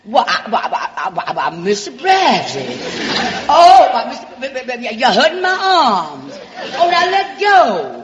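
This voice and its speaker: A woman's voice: sits high, huge pitch swings, a little slow, a crowd in the background, noisy background. A woman with a Southern American accent performing a theatrical, drawling comic monologue, coyly calling everyone darling. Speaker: comedy host. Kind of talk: comic monologue on a radio show. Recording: dull old radio broadcast in a reverberant hall.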